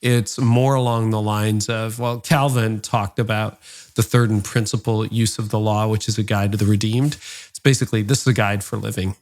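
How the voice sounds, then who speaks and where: A man hosting a leadership podcast, interviewing a guest in an animated conversational way. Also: on the low side, normal speed. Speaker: podcast host.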